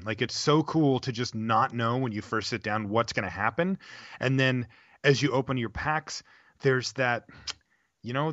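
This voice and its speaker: A man's voice: medium pitch, fairly bright tone, no room sound, dull audio. A man talking as a guest in a casual interview, rambling with lots of "like" and "you know". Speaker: guest, game commentator.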